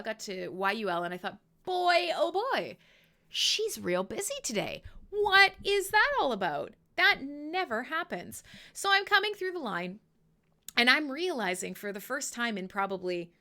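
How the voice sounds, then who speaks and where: A woman's voice: medium pitch, pushed and bright. A woman hosting a live show, telling a story in a swearing, joking way, acting out quotes and laughing. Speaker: host of a live radio show. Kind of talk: casual storytelling to live listeners.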